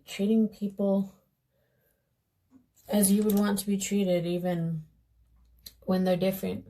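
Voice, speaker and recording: Young woman, beauty vlogger, slow and meandering, casual storytelling, soft-spoken. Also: medium pitch, monotone, low-quality recording. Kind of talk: casual storytelling while doing makeup.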